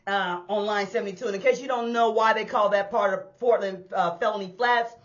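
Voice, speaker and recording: A woman who used to drive buses tells a personal street story in a casual, animated way, talking straight to her listeners and acting out the sounds. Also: medium pitch, brisk, dull audio. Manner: animated, addresses listeners as y'all, acts out sounds. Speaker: storyteller and former bus driver. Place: indoors on a hot day.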